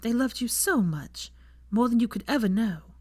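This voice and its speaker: A woman voicing a kind, tired young woman in an audiobook reading, speaking softly and tenderly. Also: a little high, animated, no echo, voice pushed up. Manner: soft, tender, measured. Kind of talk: audiobook character voice.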